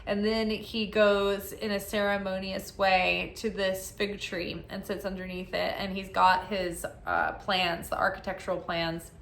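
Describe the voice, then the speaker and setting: A woman's voice: mid-range voice, little pitch movement, measured pace, creaky, few pauses, fairly bright tone, a little hiss or hum. A young woman giving a casual tarot reading, tired and rambling, peppering her talk with "like". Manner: rambling, filler-heavy with frequent "like". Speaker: tarot reader. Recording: roomy echo.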